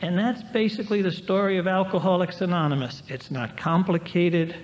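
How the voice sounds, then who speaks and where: A man's voice: high voice, moderate pace. A man in his sixties telling stories with wry, self-mocking humor as a speaker at a recovery meeting, recorded in a large convention hall. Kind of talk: storytelling speaker talk. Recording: reverberant 1990s hall tape with faint hiss.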